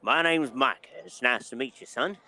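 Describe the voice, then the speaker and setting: Suspicious old-timer barkeep, folksy and gruff, a man puts him on with a raised voice. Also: medium pitch, normal speed, pushed and bright, pitched above the performer's own voice. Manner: folksy, calls people son. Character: gruff middle-aged male barkeep, suspicious.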